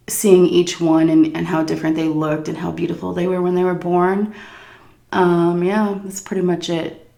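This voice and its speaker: A woman's voice: lowish voice, gravelly. A middle-aged woman answering viewer questions in a candid, crude, giggly chat. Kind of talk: casual Q&A chat. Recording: roomy echo.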